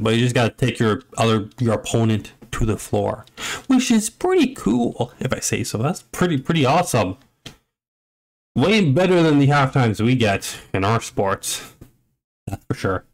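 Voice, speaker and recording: A young man giving a casual play-by-play reaction, rambling and joking with frequent exclamations. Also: medium pitch. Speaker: reaction commentator.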